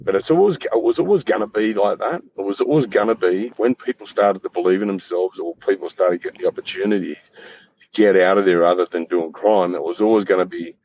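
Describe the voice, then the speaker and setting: A middle-aged Australian man with a very low voice talks loosely in a podcast chat, rambling, swearing and starting sentences over. The audio is a little dull and lo-fi, with a faint hiss underneath. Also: a little fast, darkish tone. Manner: rambling, swears freely, many restarts. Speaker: podcast guest. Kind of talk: casual interview chat.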